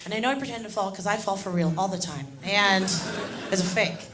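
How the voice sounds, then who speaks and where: A woman performing a stand-up comedy set on a club stage, telling stories in an animated way and acting out the people in them. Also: mid-range voice, a little fast, crowd noise. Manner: animated storytelling, acting out drunk voices.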